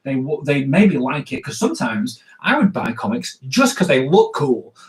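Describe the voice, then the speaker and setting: A man's voice: mid-range voice, big pitch swings, normal speed. A man giving a live comic drawing lesson, playful and jokey, talking straight to the viewers as he draws. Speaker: comics teacher.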